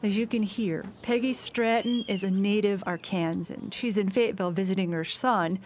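A woman reporter narrating a scripted radio news feature in a clear, even delivery. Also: mid-range voice, moderate pace, slight background noise.

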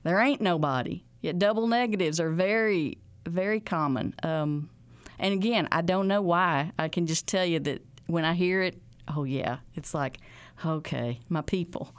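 A woman from the Ozarks with an Ozark accent, explaining local folkways in an unhurried, folksy way and drawing out her words. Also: lowish voice, clean tone, no room sound. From Ozarks, USA. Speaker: presenter of Ozark folkways programs. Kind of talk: interview, storytelling explanation.

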